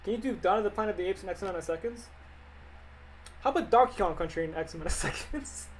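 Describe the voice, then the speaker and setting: Quick and lively in his intonation, a young man with a high-sitting voice answers viewer questions on his animation livestream. The talk is casual, rambling and jokey, captured in a low-quality recording with slight hiss or hum.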